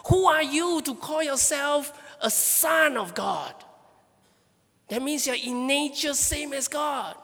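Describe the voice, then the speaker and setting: Bright-voiced pastor preaching in an echoey hall. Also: medium pitch. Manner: earnest, emphatic, repeats phrases while searching for words. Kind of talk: sermon.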